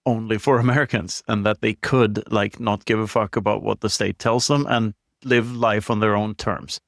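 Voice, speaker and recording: A man's voice: mid-range voice, fairly bright tone, no room sound, studio quality. A man speaking as a podcast guest, blunt and opinionated, laughing often and swearing freely. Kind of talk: casual conversation.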